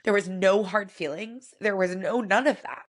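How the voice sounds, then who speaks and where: A woman co-hosting a podcast, telling a personal family story in a soft, reflective way with many casual fillers. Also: medium pitch, moderate pace. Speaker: podcast co-host.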